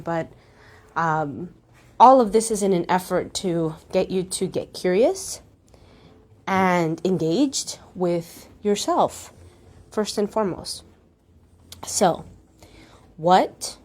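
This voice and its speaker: Slow, musing woman podcast host. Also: lowish voice. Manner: slow, musing, asks the listener gentle questions. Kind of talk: reflective guided monologue.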